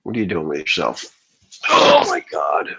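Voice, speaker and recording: A man with a very deep, husky voice rants on a livestream, swearing freely. He rambles from one thought to the next and keeps answering his chat. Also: normal speed, bright, forceful tone, rough recording. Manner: profane, rambling, talks back to chat. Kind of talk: casual livestream rant to chat.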